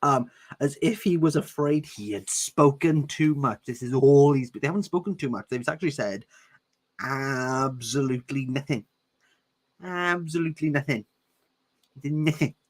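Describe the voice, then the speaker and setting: A man's voice: mid-range voice, unhurried. A man reading a novel aloud and breaking off for sarcastic, jokey commentary. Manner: sarcastic, jokey asides between read passages. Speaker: book reviewer reading aloud. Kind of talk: casual read-along with commentary.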